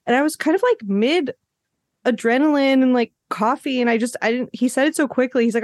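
A woman hosting a casual podcast chat, telling animated stories and acting out what people said, often laughing as she goes. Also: on the high side, brisk, no room sound, clean studio sound. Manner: animated storyteller, acts out quotes with laughs. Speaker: podcast host.

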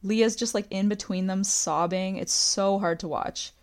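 Woman podcast host, casual recap style, chatty, mid pitch. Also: steady tone, a little slow. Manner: chatty, recounts scenes with quoted lines, frequent "like".

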